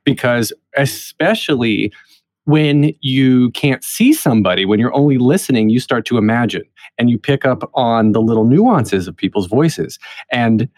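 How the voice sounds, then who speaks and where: A man's voice: medium pitch, expressive, normal speed, darkish tone, no room sound, clean studio sound. A man hosting a casual podcast interview, talking things through in a conversational way, with frequent restarts. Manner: conversational, thinking aloud with restarts. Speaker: podcast host.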